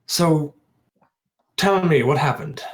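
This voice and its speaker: A man's voice: fairly high pitch, slow, pitched above the performer's own voice, rough recording. A man voicing a tall, broad, courteous human warrior-priest in his forties, who speaks in a polite, formal way. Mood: welcoming.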